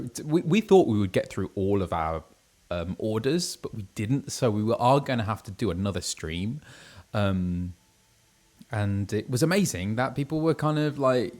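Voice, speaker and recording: Slow, chatty man streaming from his kitchen. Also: medium pitch, darkish tone. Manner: chatty, friendly, reads out viewer messages, frequent ums. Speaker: livestreamer and voice actor. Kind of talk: casual livestream chat, greeting viewers. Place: his kitchen at home, indoors. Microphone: streaming setup with ring light.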